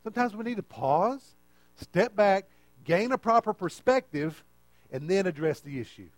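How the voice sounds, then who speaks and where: A man's voice: high voice, lively intonation, moderate pace, dry recording. A man preaching a conversational sermon and often checking in with the listeners.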